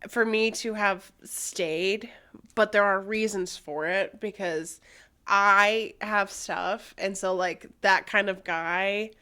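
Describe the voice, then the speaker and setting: A woman's voice: mid-range voice, fairly even intonation, takes it slowly, pushed and bright, clean tone. A young woman co-hosting a podcast, candidly telling a personal story, swearing freely and using many fillers. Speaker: podcast co-host.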